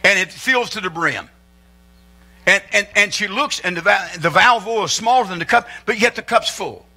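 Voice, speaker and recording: A man preaching a humorous sermon as pastor, animated and joking, building up to excited shouting. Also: high voice, moderate pace. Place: church sanctuary.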